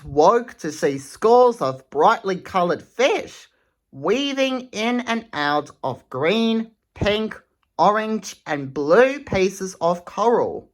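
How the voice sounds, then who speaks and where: A woman reading a children's picture book aloud, slow and expressive with a sing-song delivery. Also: lowish voice. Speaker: storytime reader.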